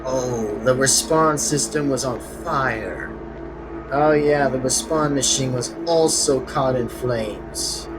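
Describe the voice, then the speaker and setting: A man's voice: medium pitch, slow pace, over music, poor audio. A man hosting a reaction video, rambling and searching for words as he comments casually.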